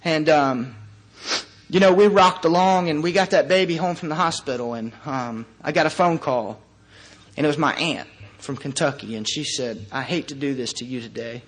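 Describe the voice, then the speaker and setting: A man's voice: fairly high pitch, normal speed. A young man speaking at a recovery meeting, telling his personal story in an earnest, conversational way.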